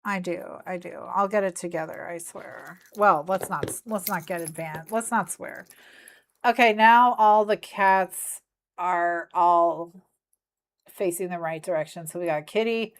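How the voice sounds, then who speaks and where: A woman's voice: on the low side, measured pace, slight background noise. A woman streaming from her craft desk, chatting playfully and talking to her cat as she works. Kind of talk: casual chat while crafting. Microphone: desk mic, faceless desk view.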